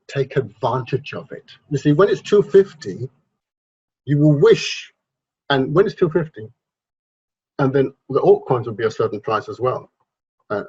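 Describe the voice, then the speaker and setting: A man's voice: mid-range voice, darkish tone, husky. A man, hosting a crypto investment channel and explaining charts in a rambling way, often repeating and correcting himself. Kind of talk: casual explainer at a drawing board. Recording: muffled lo-fi sound.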